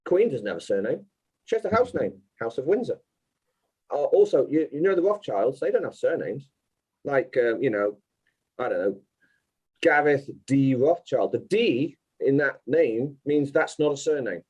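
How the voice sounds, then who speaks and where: A man's voice: mid-range voice, big pitch swings, normal speed, darkish tone, slightly rough, rough recording. A man speaking as an interview guest, explaining insistently and step by step.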